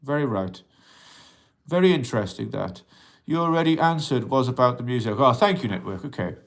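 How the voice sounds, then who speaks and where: A man's voice: mid-range voice, lively intonation, a little fast, vocal fry. A man hosting a casual livestream about mental health, rambling as he reads out and answers viewers' comments and talks to them as an alien persona addressing humans, in an accent viewers ask about. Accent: unplaced accent that viewers ask about. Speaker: livestream host.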